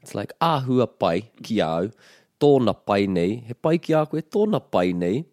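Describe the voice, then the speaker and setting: A man, his voice on the low side, explains Māori phrases in an easygoing lesson. He repeats each phrase with lively, expressive intonation. The recording is dry and close. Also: normal speed, dry recording. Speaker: te reo Māori teacher. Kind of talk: conversational language lesson.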